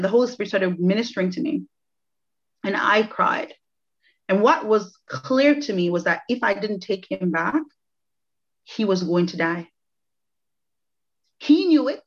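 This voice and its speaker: A woman guest sharing a personal faith testimony in an interview, earnest and reflective, repeating phrases for emphasis. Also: medium pitch. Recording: dull lo-fi audio.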